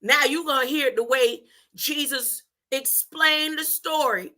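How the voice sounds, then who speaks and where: A woman's voice: sits high, measured pace, sharp tone. A woman hosting a podcast, teaching scripture informally in a conversational way and retelling the story in her own words. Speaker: podcast host.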